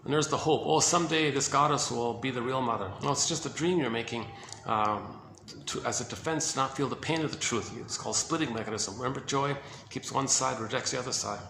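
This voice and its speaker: Creaky man lecturing in an echoey room. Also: mid-range voice, a little fast, background noise. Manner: emphatic, repetitive, conversational with many fillers. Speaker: lecturer on psychoanalysis. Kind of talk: informal lecture.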